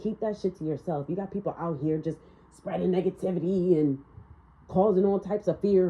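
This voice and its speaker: A woman's voice: on the low side, a little fast, muffled recording. A woman giving a casual spiritual tarot reading in a blunt, ranting manner, swearing freely. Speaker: tarot reader.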